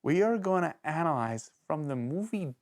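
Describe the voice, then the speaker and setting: A man hosting a casual video review show, talking in an animated, jokey way that rambles and interrupts itself, with sudden jumps in pitch. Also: normal speed. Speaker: host of a villain-ranking show.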